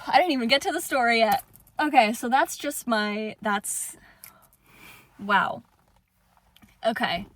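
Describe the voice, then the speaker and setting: A young woman in an impassioned personal monologue, swearing fiercely, swinging between shouting and hushed calm. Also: a little high, takes it slowly, pauses often. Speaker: spiritual vlogger.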